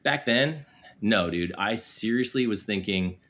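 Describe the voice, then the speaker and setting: A man's voice: on the low side, animated, measured pace, a bit bright. A man in his forties, a podcast guest talking candidly and self-deprecatingly about his parenting, laughing easily and using a lot of fillers. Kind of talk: casual candid conversation.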